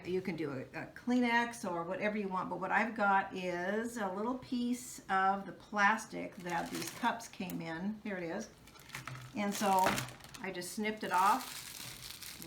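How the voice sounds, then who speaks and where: A woman's voice: lowish voice, vocal fry, fairly bright tone, slight background noise. A woman hosting a casual craft tutorial, chatting her way through each step in a homey, think-aloud manner.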